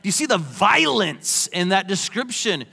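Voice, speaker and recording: A man's voice: sits high, sing-song, moderate pace, gravelly, bright, forceful tone, breathy edge. A young adult man preaching a sermon, emphatic with joking asides. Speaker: pastor. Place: church sanctuary. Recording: long hall reverb.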